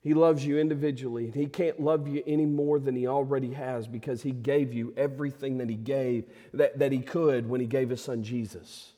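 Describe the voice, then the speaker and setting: A male pastor preaches a sermon, swinging between loud, emphatic declarations and quiet, intimate appeals to the congregation. His voice is medium-pitched with a steady tone and moderate pace, and the recording has long hall reverb.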